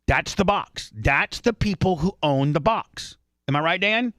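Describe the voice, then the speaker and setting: A man in a radio studio tells a long story in a rambling, animated way, full of restarts and asides. His voice sits a little high for a man. The sound is close and dry, with no room around it. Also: measured pace, no echo. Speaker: radio show host. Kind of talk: casual radio talk, storytelling. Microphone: studio microphone.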